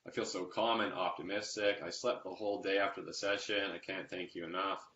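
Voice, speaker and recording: Low, bright-toned man on a roomy call. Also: steady tone, a little fast. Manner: brief affirmations, reads out comments. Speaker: co-host reading viewer comments. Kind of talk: casual chat on a live stream. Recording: roomy, muffled call audio with hiss.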